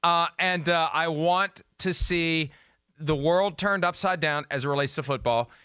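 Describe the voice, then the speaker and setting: Bright, crisp-voiced sports host. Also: male voice, on the high side, a little slow, no echo, clean studio sound. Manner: wry, colorful turns of phrase. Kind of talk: casual sports chat.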